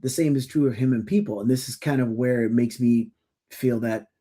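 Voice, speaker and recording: A middle-aged man co-hosting a podcast, telling stories in casual conversation with many stammered restarts and lively acted-out quotes. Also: medium pitch, a little fast, breathy edge. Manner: animated storytelling with acted-out quotes. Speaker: podcast co-host.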